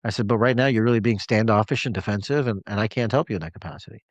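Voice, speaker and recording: Low-voiced man coaching a live call. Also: rapid-fire, no room sound. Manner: storytelling, emphatic, conversational. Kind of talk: live call talk to clients.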